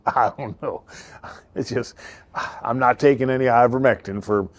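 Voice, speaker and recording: A man's voice: mid-range voice, a little slow, no echo. Car-lot owner doing his own off-the-cuff ad, cracks himself up, keeps losing the thread. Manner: rambling, laughs often, self-interrupting. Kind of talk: joking improvised commercial spiel.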